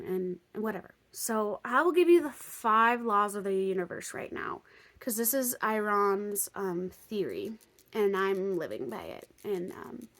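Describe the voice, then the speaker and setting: A young woman vlogger telling a story casually, chatty with lots of fillers, dropping to whispers and bursting into excitement. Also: mid-range voice. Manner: chatty, lots of "like" and "um", swings between excited outbursts and hushed whispers.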